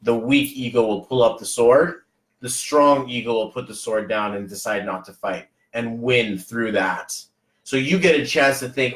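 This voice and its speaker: A man hosting a podcast, chatting casually and motivationally, telling rambling, animated stories full of fillers. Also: mid-range voice, moderate pace, roomy sound, low-quality recording. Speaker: podcast host.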